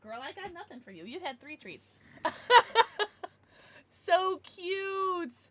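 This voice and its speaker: A woman's voice: very high voice, sing-song, a little slow, background noise. A young woman streaming casually from home, gushing over gifts and baby-talking to her dogs between chats with viewers. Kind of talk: casual livestream chat.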